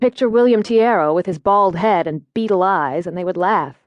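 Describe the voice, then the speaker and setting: A woman's voice: fairly low pitch, moderate pace, few pauses, no echo, muffled recording. Woman narrating a wry first-person audiobook. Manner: wry, conversational storytelling. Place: recording studio.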